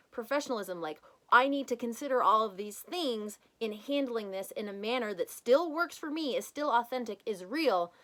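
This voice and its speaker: A woman's voice: mid-range voice, a bit bright. A woman in her thirties hosting a podcast, giving an emphatic motivational talk on leadership and often acting out people's inner voices. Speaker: podcast host and business coach.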